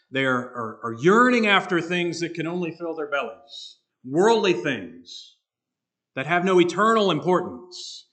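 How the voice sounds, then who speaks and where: A man preaching an expository sermon, earnest and emphatic, slowing down to stress key words. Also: fairly high pitch, a bit bright. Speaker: pastor.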